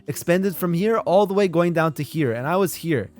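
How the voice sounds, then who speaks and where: A man's voice: on the high side, normal speed, faint music behind. A man hosting a live strategy game stream, commenting eagerly to his chat and breaking into laughs. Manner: excitable, laughs and talks to chat. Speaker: streamer and lobby host.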